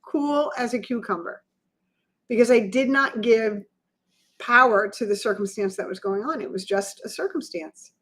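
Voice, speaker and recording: A woman's voice: a little high, normal speed, a bit bright. A woman co-hosting a podcast as a coach, speaking earnestly and reflectively in casual conversation. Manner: earnest, reflective, shares personal stories.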